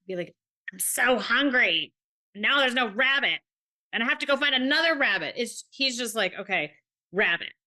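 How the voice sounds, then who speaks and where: A woman co-hosting a podcast in casual chat, animated and acting out little quoted voices as she tells stories. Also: medium pitch. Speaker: podcast co-host.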